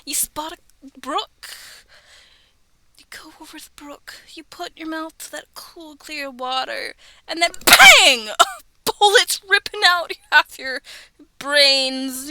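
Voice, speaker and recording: A woman acting out a brash young woman from a courtroom film, loud and mock-dramatic. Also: sits high, slow pace, exaggerated voice, rough recording.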